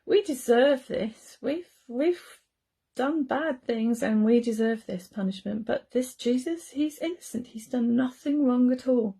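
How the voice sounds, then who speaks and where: A repentant dying criminal pleads in a hushed, husky voice, read aloud by a woman. The words come honest and urgent, with a gravelly edge. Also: very high-pitched, unhurried, heavily acted. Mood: pleading.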